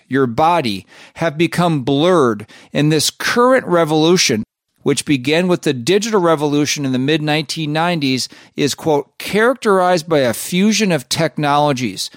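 A man's voice: fairly high pitch, no room sound, studio quality. A man hosting a show and commenting skeptically on clips, asking rhetorical questions. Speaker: show host.

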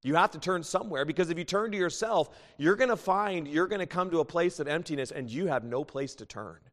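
A man in his thirties preaching a sermon as pastor, swinging between fervent, rising bursts and hushed, tender pleas. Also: a little high, animated, a little fast. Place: church sanctuary. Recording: long church reverb.

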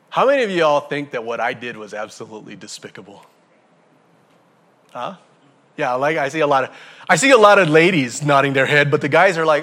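A male pastor delivering a sermon in a lively, animated way. His voice is bright and forceful and sits a little above the usual male pitch. He asks the room questions and acts out little scenes as he goes. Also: brisk, long pauses.

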